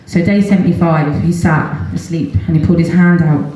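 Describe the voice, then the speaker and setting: A woman's voice: low voice, fairly even intonation, normal speed, warm tone. Earnest woman in echoey hall. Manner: earnest and candid, with nervous laughs and many ums. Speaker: seminar speaker, mother of patient. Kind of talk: personal story told in a public talk. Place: large event hall at a festival seminar.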